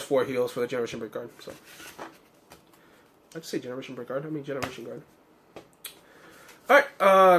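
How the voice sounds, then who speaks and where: A young man, slightly hoarse, casually talking through his card game deck with many fillers and self-corrections. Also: a little high, a bit bright.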